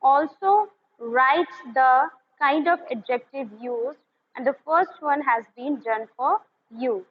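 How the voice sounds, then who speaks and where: A woman teacher walks a class through grammar in a high voice, pausing on fillers and slipping into Hindi to explain. The recording is dull and lo-fi, with a faint hiss underneath. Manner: explains slowly with many fillers, switches into Hindi to clarify. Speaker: school English teacher. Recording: muffled lo-fi recording with faint noise.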